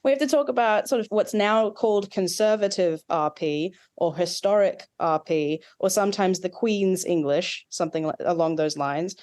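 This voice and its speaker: A woman's voice: on the low side, normal speed, few pauses, darkish tone. A woman with an Australian accent, a dialect coach, explaining at length with asides and examples in an interview. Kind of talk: expert interview.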